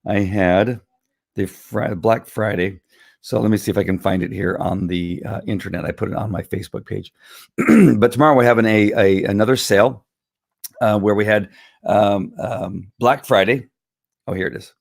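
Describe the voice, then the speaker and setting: Hoarse-voiced man hosting a casual live stream; low voice, dry room, rambling delivery full of fillers. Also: moderate pace, darkish tone, dry recording. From Southern California. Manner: rambling, many fillers and restarts, frequent throat clearing. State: hoarse, losing his voice. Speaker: live stream host selling wellness products. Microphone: computer or phone camera.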